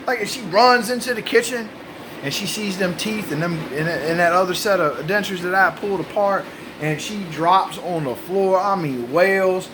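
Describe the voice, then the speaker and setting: A man's voice: sits high, normal speed, fairly bright tone, slight background noise. A man telling a rambling, profane comic story about his own life and swearing constantly.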